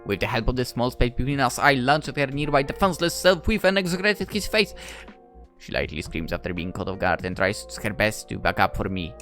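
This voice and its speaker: A man narrating a first-person story in an expressive, conversational reading style. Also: medium pitch, brisk, faint music behind.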